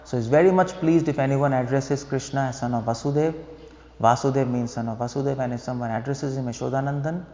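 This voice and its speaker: Speaking fast in a mellow, mid-range voice with fairly even intonation, a male preacher delivers a devotional lecture in a temple hall. He explains points, poses rhetorical questions to the audience and chuckles at his own jokes. The audio is echoey, dull and lo-fi.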